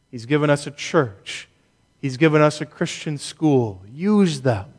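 Earnest male preacher in a hall. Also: a little high. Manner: earnest, emphatic preaching with deliberate pauses. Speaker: pastor. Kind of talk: sermon.

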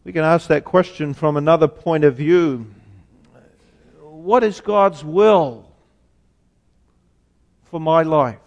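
A man preaching a sermon as pastor, slow and deliberate, asking rhetorical questions. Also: fairly high pitch, a little mellow. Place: church sanctuary. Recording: long church reverb.

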